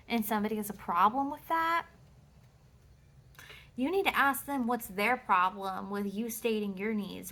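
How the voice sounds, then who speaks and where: A woman's voice: medium pitch, unhurried, sharp tone. Blunt, swearing woman tarot reader. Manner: blunt, swears freely, emphatic and motivational; reads card texts aloud. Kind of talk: casual tarot reading monologue.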